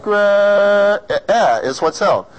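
A man with an American accent teaches a class on vowel sounds, patiently sounding them out and putting questions to his students, like a singing or diction teacher. His voice sits a little high, with lively intonation and an unhurried pace. The recording is rough.

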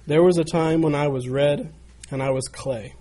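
A man's voice: a little high, steady tone, moderate pace, warm tone, natural voice. A man voicing a talking teacup that tells how it suffered in the potter's hands, pleading and crying out.

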